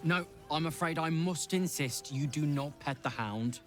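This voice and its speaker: A fussy, doting dog owner. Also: male voice, on the high side, unhurried, a bit bright. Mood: stern. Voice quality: prim, doting, precise diction. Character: fussy devoted male dog owner, middle-aged. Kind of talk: video game voice acting.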